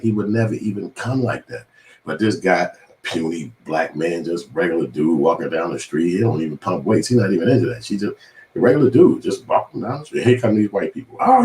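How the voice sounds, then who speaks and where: A man's voice: sits low, darkish tone, reverberant. A man giving heated, profane commentary on the news, talking in an impassioned rant.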